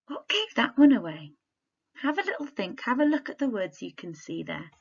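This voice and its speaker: A woman primary teacher talks through a recorded literacy lesson for pupils at home. Her voice is bright and forward, and she speaks clearly and expressively, often stopping to ask the children questions. The sound is dull and lo-fi, as if picked up by a laptop microphone. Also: medium pitch.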